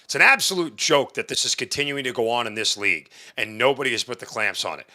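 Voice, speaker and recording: A man's voice: medium pitch, expressive, fast talker, sharp tone. Emphatic, indignant sports-talk man. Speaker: sports show panelist.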